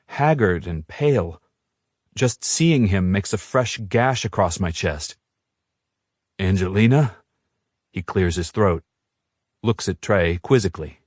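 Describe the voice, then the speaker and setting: A man narrating a first-person audiobook in a steady, fairly brisk reading. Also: fairly low pitch, no room sound, studio quality.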